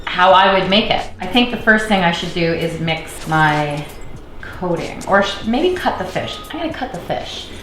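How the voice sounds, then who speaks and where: A woman's voice: on the low side, expressive, moderate pace, fairly bright tone, slight background noise. Chatty Canadian woman in an echoey kitchen. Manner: chatty, rambling and self-deprecating. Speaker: cooking vlogger. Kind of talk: casual cooking vlog chat. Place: home kitchen.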